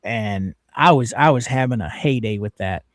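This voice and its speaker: A man's voice: mid-range voice, normal speed, no echo, clean studio sound. A man hosting a livestream, chatting casually and greeting viewers one by one by name in a folksy way. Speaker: livestream host.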